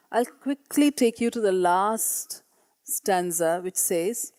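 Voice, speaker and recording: A woman's voice: lowish voice, unhurried, darkish tone, no echo. A woman teacher presenting classroom work at a meeting, earnest and hesitant, reading pupils' writing aloud. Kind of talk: conference presentation. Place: meeting room.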